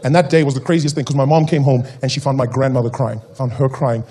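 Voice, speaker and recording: A man's voice: mid-range voice, fast talker, warm tone. A young adult man doing stand-up comedy, telling his story animatedly and acting out voices and cries.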